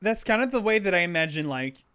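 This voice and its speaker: Smooth-voiced young man chatting casually. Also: sits high, expressive, quick pace, pushed and bright. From Quebec. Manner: rambling, lots of filler and restarts. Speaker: podcast co-host. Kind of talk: casual chat.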